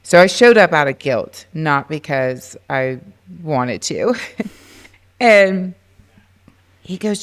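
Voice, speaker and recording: A middle-aged woman, a podcast guest, telling her story in an animated, casual way and acting out the voices of people she quotes. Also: sits low, unhurried, vocal fry. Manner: animated, acts out quoted dialogue.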